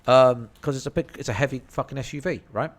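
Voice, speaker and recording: A man's voice: mid-range voice, fast talker. A man telling a rambling, slang-filled story and swearing freely. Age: 30s. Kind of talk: casual storytelling.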